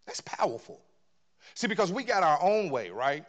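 A man preaching, in a fairly high voice. He swings from hushed, almost whispered lines to loud, driving emphasis, and he stacks repeated words as he builds a point. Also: big pitch swings, normal speed. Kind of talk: sermon.

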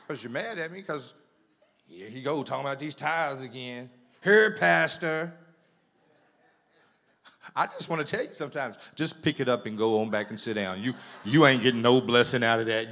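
A man's voice: medium pitch, a bit bright. A man preaching as pastor, chatty and teasing, often repeating words as he tells a funny story. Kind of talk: sermon with humorous storytelling.

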